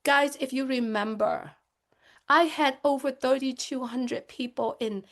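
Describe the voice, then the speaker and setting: A woman's voice: high voice, a little slow, fairly bright tone. A woman speaking as a panelist on a webinar, giving an impassioned, emphatic talk that circles back to its points. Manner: emphatic, repetitive, lecturing.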